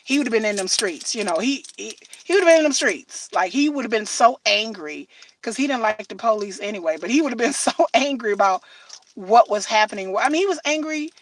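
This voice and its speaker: A middle-aged woman chatting casually on a livestream, telling lively stories, acting out what people said and swearing freely. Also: fairly high pitch, a little fast, recorded from a distance, poor audio. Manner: animated storytelling, acts out quotes, swears freely. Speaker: livestream host. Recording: voice slightly off-mic, faint noise.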